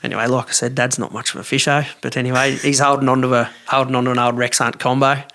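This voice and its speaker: A man's voice: mid-range voice, fast, slight background noise. Australian man spinning a fishing yarn. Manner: lively yarn-spinner with broad slang. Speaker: podcast guest. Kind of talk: casual storytelling.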